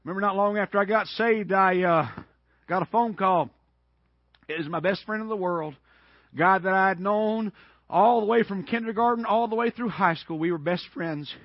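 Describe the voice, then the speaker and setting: A man's voice: high voice, dry recording, dull audio. A man preaching a Baptist sermon in a folksy, emphatic way, dropping frequent amens.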